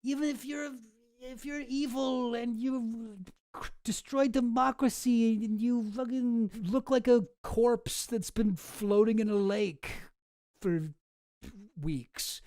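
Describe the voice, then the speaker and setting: A man voicing a gushing, sentimental viewer who sighs and swoons in a high, breathless voice. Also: slow, warm tone, exaggerated voice. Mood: swooning. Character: gushing, lovestruck viewer, sentimental and starry-eyed.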